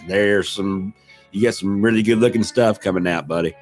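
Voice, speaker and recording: A man's voice: sits low, normal speed, a little mellow, soft background music. A middle-aged man, hosting a casual live stream, rambling and self-deprecating as he greets viewers in the chat. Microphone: desk microphone.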